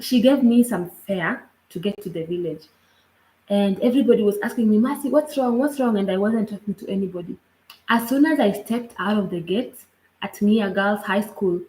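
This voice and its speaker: A woman with a Kenyan accent telling a personal story earnestly, in a halting way with frequent asides. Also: medium pitch, darkish tone. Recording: roomy echo.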